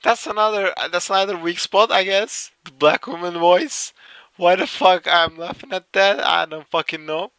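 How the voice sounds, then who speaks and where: A man's voice: high voice, steady tone, moderate pace, gravelly, sharp tone, clean tone, no echo. A young man giving casual reaction commentary, swearing often and insisting he is not laughing while giggling. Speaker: streamer reacting to clips.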